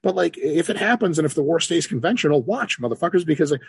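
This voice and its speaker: Fast-talking husky man, swearing freely. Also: on the high side, dry recording. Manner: animated, swears freely, acts out characters. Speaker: podcast guest, exercise scientist. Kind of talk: casual profane conversation.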